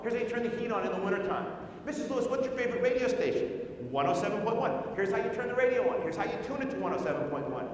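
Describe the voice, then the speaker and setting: A man's voice: high voice, very animated, racing, a little hiss or hum. A man giving a sales training talk at a conference, telling a story, acting out the people in it, and firing rhetorical questions at the audience. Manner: acts out the other people in his story. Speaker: conference speaker. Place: large conference hall. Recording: echoey hall, speaker far from mic.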